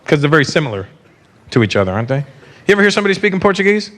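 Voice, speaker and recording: Animated male stand-up comedian, bright and lively. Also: a little high, racing. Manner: animated, teasing crowd work. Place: stage before a live audience.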